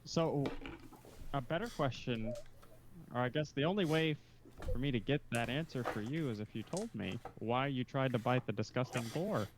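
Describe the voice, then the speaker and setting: A man's voice: medium pitch, normal speed, noisy background. An easygoing man chats through a tabletop role-playing session and moves between his character and table talk. Faint keyboard typing clicks away behind his voice. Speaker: player. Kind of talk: tabletop game role-play.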